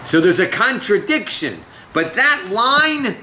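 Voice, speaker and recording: Lively, bright-voiced male rabbi. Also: high-pitched, takes it slowly, slight background noise, poor audio. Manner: lively, conversational, laughs with students. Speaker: rabbi teaching a class. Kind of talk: scripture lesson.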